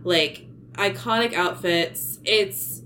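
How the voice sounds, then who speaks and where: A woman's voice: mid-range voice, slow pace, pushed and bright, a little hiss or hum. A woman in her thirties from Maryland with a Baltimore accent, co-hosting a podcast in casual, rambling chat full of restarts and fillers. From Maryland, USA. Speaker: podcast co-host.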